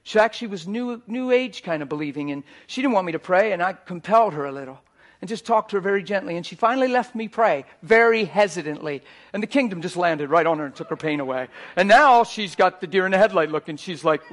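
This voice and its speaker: A man preaching a sermon, animated and swinging between quiet asides and near shouts. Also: high voice, fairly quick.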